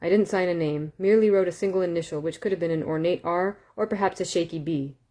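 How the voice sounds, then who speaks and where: Low-voiced woman reading a novel aloud. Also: fast. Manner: calm, with small self-corrections and asides. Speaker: audiobook reader.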